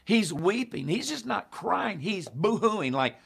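A man preaching a sermon, telling a story with animated delivery and acting out the voices of people in it. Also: high-pitched, unhurried, creaky, slightly rough.

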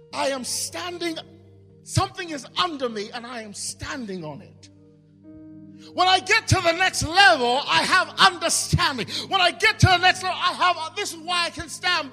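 Man preaching a sermon, high bright voice, loud impassioned bursts, acts out voices, long hall reverb, faint music. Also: expressive, moderate pace. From England. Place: church hall.

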